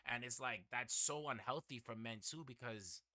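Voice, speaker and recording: A man's voice: mid-range voice, moderate pace, sharp tone, no room sound. A young man from the Bronx, hosting a casual podcast chat, acting out dialogue and swearing freely as he tells stories. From the Bronx, New York. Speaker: podcast host.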